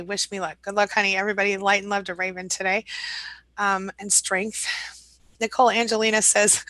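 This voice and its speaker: Bright chatty woman hosting a live stream. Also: medium pitch, no echo, poor audio. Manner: warm, chatty, reads comments aloud with frequent laughs and fillers. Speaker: live-stream host and coach. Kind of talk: live chat reading viewer comments.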